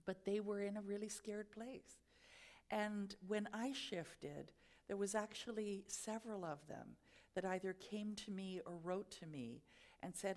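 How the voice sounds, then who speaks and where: A woman giving a sermon at a spiritual centre, telling a personal story in a reflective, gently guiding way and laughing at herself now and then. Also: mid-range voice, measured pace. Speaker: spiritual speaker.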